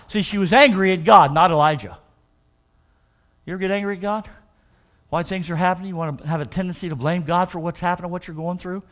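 A male pastor preaching a sermon in a church, emphatic and calling for responses from the congregation, slowing right down to stress scripture. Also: high-pitched, a bit bright.

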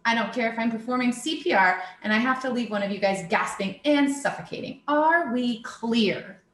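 A woman's voice: a little high, moderate pace, fairly bright tone, pitched above the performer's own voice, close to an everyday voice. A woman voicing a frank, wry pregnant teacher who speaks bluntly and matter-of-factly, read in a storybook style. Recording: roomy echo.

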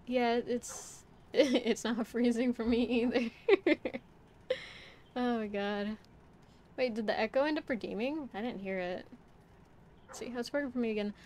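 A young woman livestreams a game and talks to her chat in a loose, rambling way. Her voice sits fairly high. Her chatter is casual and she swears when the game frustrates her. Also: measured pace, long pauses, darkish tone. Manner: talks to chat while playing. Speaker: VTuber streamer.

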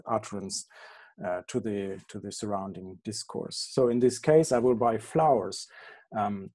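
A man giving an academic lecture over slides on an online call, halting often with ums and correcting himself mid-phrase. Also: fairly low pitch, mellow. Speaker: guest lecturer.

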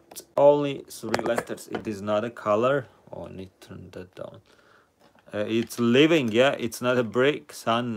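Slow-talking, laid-back male streamer. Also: fairly low pitch, vocal fry, slight background noise. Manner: relaxed, chatty, reading out viewer comments. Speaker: live stream host. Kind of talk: casual live chat with viewers.

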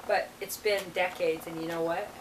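A woman's voice: fairly low pitch, fairly even intonation, normal speed, distant mic, noisy background. A woman reverend in casual, rambling talk with many asides, reading aloud from channeled texts.

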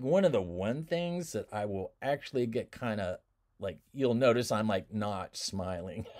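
A man giving a recorded lecture as a college instructor, easygoing and joking, with frequent laughs and asides and big swings in pitch and loudness.

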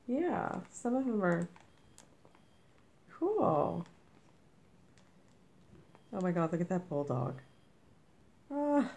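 A woman vlogger, a little under the weather, gushing as she opens mail, with a squeaky voice. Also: creaky, warm tone. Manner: gushing, effusive. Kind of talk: casual unboxing chat.

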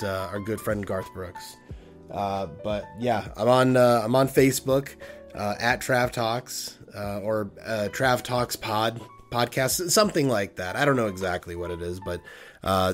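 A man hosting his own podcast alone, talking casually in a rambling, self-deprecating way with many fillers. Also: mid-range voice. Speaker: podcast host. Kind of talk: casual solo podcast talk.

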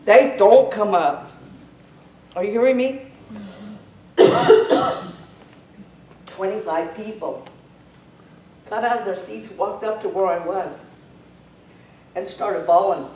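Woman, preacher, fervent sermon, mid-pitched, roomy church, distant mic. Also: takes it slowly, pauses often, slight background noise. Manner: fervent, building to a shouted prayer. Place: church sanctuary.

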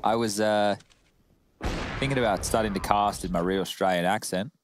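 Low-voiced analytical male caster. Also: moderate pace, background noise. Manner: steady, analytical, dry joking. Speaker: esports commentator. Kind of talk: live esports play-by-play and analysis.

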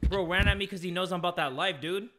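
A young man doing let's-play commentary, excitable and jokey, shouting when scared. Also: high-pitched, fast talker, very noisy. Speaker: gaming YouTuber. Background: game music.

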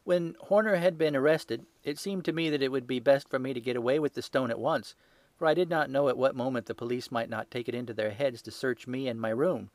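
A man voicing a terrified young male hotel thief who pleads desperately with a shrill, high voice. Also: fairly quick, dry recording, close to an everyday voice. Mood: anxious confessing.

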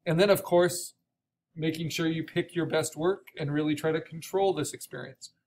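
A man teaching an online art course, explaining steps with frequent restarts and a voice gone raspy from coughing. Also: on the high side, fairly even intonation, moderate pace, darkish tone, slight background noise. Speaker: art instructor. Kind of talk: recorded online course lecture.

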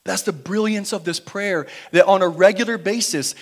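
A man preaching a sermon in a church, moving between quiet, slow emphasis and louder, driven passages. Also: sits high. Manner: dynamic preaching, shifting between quiet emphasis and raised intensity. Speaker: pastor. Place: church sanctuary.

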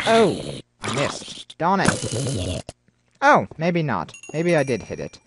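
A man giving rambling gameplay commentary, talking to himself with excitable outbursts. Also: fairly low pitch, takes it slowly, background noise. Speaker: let's play host.

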